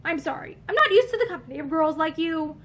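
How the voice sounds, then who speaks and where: A brooding young man, gruff and curt, with a bitter, sarcastic edge, as a woman reading a novel puts him on. The voice stays high, with wide swings between low and raised tones. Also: expressive, fast talker, a bit bright.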